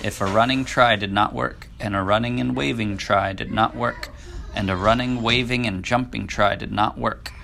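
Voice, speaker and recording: A woman voicing a patient, steady male frog in a storybook, calm and encouraging. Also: rumbling low, normal speed, gravelly, a little hiss or hum, heavily acted.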